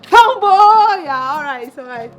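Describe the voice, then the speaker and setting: A woman's voice: sits high, big pitch swings, normal speed, lo-fi sound, soft background music. An actress with a Ghanaian accent playing a flashy young woman who laughs, teases and mixes Twi with English slang as she brags about luxury things. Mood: playful. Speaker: actress in a Kumawood film. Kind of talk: dramatic film dialogue.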